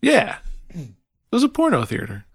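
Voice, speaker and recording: A man's voice: sits high, huge pitch swings, normal speed, creaky, slightly rough, dry recording, studio quality. A man co-hosting a podcast, chatting casually with an enthusiastic, joking manner and some stammering. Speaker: podcast co-host. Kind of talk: casual comedy chat.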